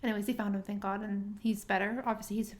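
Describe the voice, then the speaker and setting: A woman's voice: mid-range voice, fast. Young woman chatting casually on a podcast. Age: young adult. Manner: animated storyteller, swears casually. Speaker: podcast co-host. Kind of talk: casual chat.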